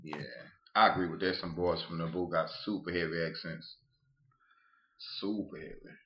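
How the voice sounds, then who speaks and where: A man co-hosting a podcast, chiming in with loud, slangy reactions and quick agreement. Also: sits low, flat delivery. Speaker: podcast co-host. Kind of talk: casual podcast banter. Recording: roomy, dull-sounding mic.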